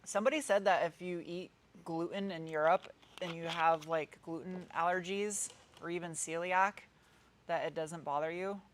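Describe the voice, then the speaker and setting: A woman's voice: on the low side, fairly even intonation, normal speed, a little hiss or hum. A woman in her thirties with a New England accent, chatting casually and rambling as she answers viewers' comments during a live stream. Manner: chatty, rambling, meandering with frequent restarts. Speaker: car channel host.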